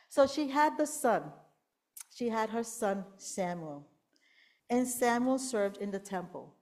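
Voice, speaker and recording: A middle-aged woman giving a sermon to a congregation, telling a Bible story and acting out the quotes, sometimes dropping to a whisper. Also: medium pitch. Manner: storytelling with acted-out quotes, whispering to show how softly God speaks. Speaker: preacher.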